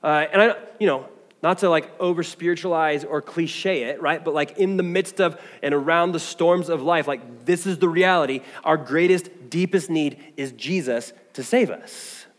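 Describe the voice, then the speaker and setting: A man's voice: fairly high pitch, moderate pace, in a large hall. A man preaching a sermon as pastor, talking in a loose, conversational way with frequent fillers and "right?" asides.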